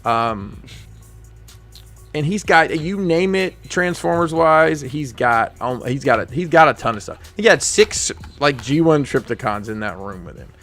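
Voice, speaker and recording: A man's voice: a little high, animated, measured pace, a bit bright, faint music behind. A man hosting a podcast, telling a long rambling anecdote with many restarts and bursts of laughter. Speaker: podcast host. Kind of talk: casual storytelling chat.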